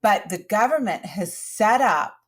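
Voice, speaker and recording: A middle-aged woman co-hosting a podcast, in a voice of ordinary pitch. She argues persuasively, weaving in personal stories and rhetorical questions. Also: animated, unhurried, fairly bright tone. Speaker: podcast co-host. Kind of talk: conversational podcast talk.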